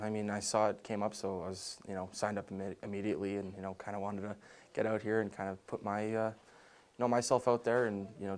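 A man's voice: fairly low pitch, a little mellow. A young man, a hockey player, chatting casually at an animal shelter, playful and laughing, cooing at the animals in a lapel mic. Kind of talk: casual chat while petting shelter animals.

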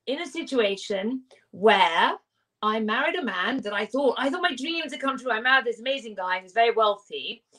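A woman's voice: fairly high pitch, distant mic, low-quality recording. Earnest woman telling her story, set back from the mic. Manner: earnest, emphatic, with repeated phrases. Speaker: motivational speaker. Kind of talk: personal storytelling talk.

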